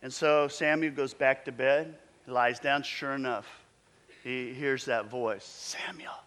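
Bright-voiced man in his fifties preaching. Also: medium pitch, fairly even intonation, measured pace. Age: 50s. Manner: conversational, reflective storyteller. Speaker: pastor. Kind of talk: storytelling sermon. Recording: long echoing reverb.

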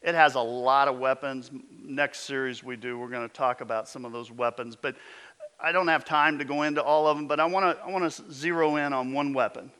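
A man preaching a sermon as pastor, emphatic, with his voice often dropping low and intense. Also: fairly even intonation, a little fast, bright, forceful tone, clean tone.

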